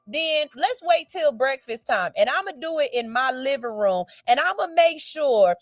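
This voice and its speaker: A woman's voice: high-pitched, dry recording. A woman radio host reads out a listener's letter and gives a blunt, sassy, profane verdict with theatrical outbursts.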